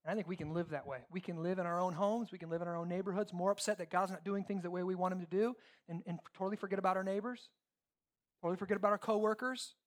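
Animated, emphatic male preacher. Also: sits high, rapid-fire. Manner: animated, emphatic, shifts from hushed to loud. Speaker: pastor. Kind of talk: sermon.

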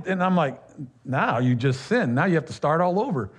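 A man preaching a sermon as pastor, talking conversationally with laughs, fillers and quick asides. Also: fairly high pitch, lively intonation, slightly rough.

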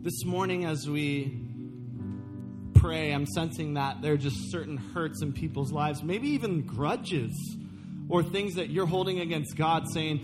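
Earnest pastor preaching over soft music. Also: male voice, on the high side, unhurried. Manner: earnest, rising to emphatic, then softly pleading. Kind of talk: sermon. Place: church sanctuary. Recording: church service audio with music underneath. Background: worship music.

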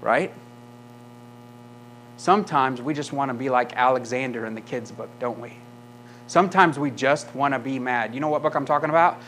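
A man's voice: mid-range voice, moderate pace, pauses often, fairly bright tone, a little hiss or hum. A male pastor preaching a sermon, emphatic, often asking the congregation rhetorical questions.

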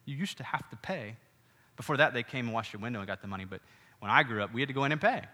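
A middle-aged man giving a sermon as pastor, conversational and animated, with frequent asides to the congregation. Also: mid-range voice, rapid-fire. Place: church hall. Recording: reverberant church hall.

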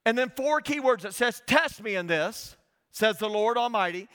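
A middle-aged man preaching a sermon as a guest speaker, animated and storytelling, acting out his talks with God. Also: high-pitched, fairly quick, clear, resonant tone. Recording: reverberant hall.

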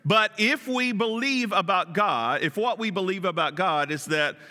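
A man preaches a sermon conversationally, frequently putting questions to his congregation, with the long reverb of a large hall around him. His high-pitched voice is bright and forceful, with lively intonation at a moderate pace.

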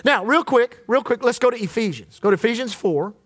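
A man's voice: very high voice, lively intonation, brisk, fairly bright tone. A male pastor preaching a sermon in church, leading the congregation in call-and-response.

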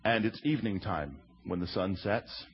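A man putting on slow, dopey, condescending disciples. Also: lowish voice, highs cut off, slight background noise, voice pushed down, close to an everyday voice. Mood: patronizing. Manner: slow, patronizing, mock-dopey. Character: condescending male disciples lecturing their teacher.

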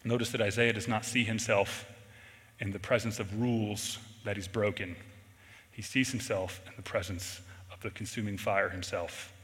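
A man preaching a sermon in an earnest way, shifting between loud emphasis and quiet intensity. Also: lowish voice, fairly even intonation, moderate pace, big-room sound. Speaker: pastor.

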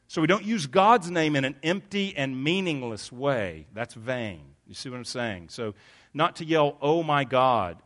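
A man's voice: mid-range voice, a bit bright. A man preaching a sermon as pastor, earnest and emphatic, often stopping to correct himself.

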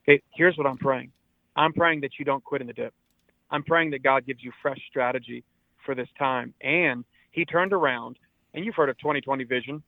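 A pastor in his forties, interviewed on the radio, uses an earnest, exhortative preaching tone and repeats words when he wants to stress something. His medium-pitched voice moves at normal speed, transmitted over a narrow, tinny phone line with no echo or room sound.

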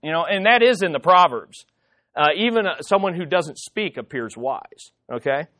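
A man preaching an expository sermon in a conversational, animated way, with vivid sound effects. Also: a little high, normal speed, no echo. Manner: conversational, with frequent fillers. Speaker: pastor.

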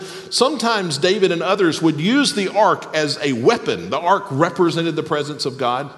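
A man preaching a sermon as pastor, animated, then dropping to a soft, quiet voice for tender moments. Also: high-pitched. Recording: long hall reverb.

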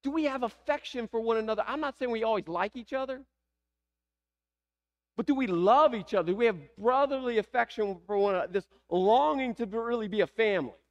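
A man's voice: very high voice, a little fast, dull audio. A man with a Southern American accent preaching a sermon, asking the congregation rhetorical questions. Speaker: pastor.

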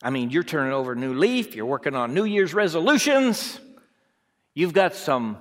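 A man preaching a sermon, acting out voices from the story and swinging between hushed, drawn-out lines and loud ones. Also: a little high, very animated, in a large hall.

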